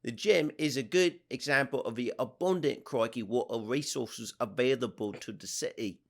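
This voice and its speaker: A man's voice: on the low side, level tone, racing, creaky, pitched below the performer's own voice. A man voicing an over-the-top Australian outback guide in a comic reading, dropping "crikey" mid-sentence. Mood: hammy.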